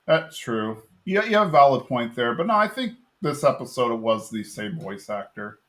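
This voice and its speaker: A man's voice: medium pitch, sing-song, normal speed, fairly bright tone. A man co-hosting a podcast, recapping a cartoon episode in a rambling, casual way and quoting characters in a raised voice. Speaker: podcast co-host.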